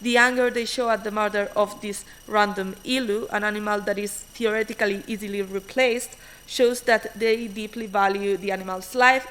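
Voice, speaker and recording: Woman reading her conference talk fast, lots of uh and restarts, bright edgy voice. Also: mid-range voice, slight background noise, low-quality recording. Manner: hurried, frequent restarts and fillers. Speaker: academic conference speaker.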